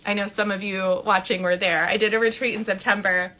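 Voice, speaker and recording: A bright, lively woman in her thirties talks to her viewers on a casual live stream from her phone. She speaks as a spiritual coach, warm and enthusiastic and quick to laugh. Her tone has a clear, ringing brightness. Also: mid-range voice. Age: 30s.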